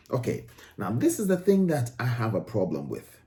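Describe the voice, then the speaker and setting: A man's voice: mid-range voice, huge pitch swings, moderate pace, mellow. A man from Ghana, giving emphatic commentary on video clips and repeating phrases for stress.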